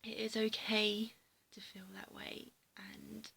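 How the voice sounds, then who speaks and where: A tearful woman vlogging a heartfelt personal message on a handheld camera, speaking haltingly and often dropping into a breathy half-whisper. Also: medium pitch, little pitch movement, a bit bright, a little hiss or hum, low-quality recording. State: tearful, emotional. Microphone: handheld camera mic.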